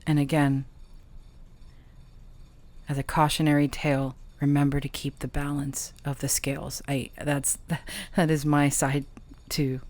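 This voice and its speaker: A woman with a low voice gives a tarot reading at an unhurried pace. She speaks softly and emotionally, pausing and hesitating as she goes. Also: little pitch movement. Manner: slow, soft, emotional and halting. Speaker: tarot reader and channeler.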